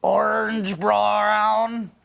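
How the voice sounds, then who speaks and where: A performer improvising a crude, excitable, donut-obsessed plumber with a hot temper and a put-on regional accent, rambling and swearing. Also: medium pitch, extremely slow, creaky, a little hiss or hum, exaggerated voice. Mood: rowdy, rambling. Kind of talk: improvised comedy scene.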